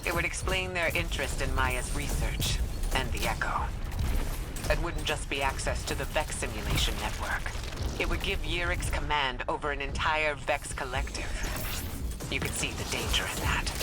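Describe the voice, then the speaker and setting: Casting: an actor playing a worried ally giving a briefing in a video game, mid-pitched, loud game music behind. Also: natural voice.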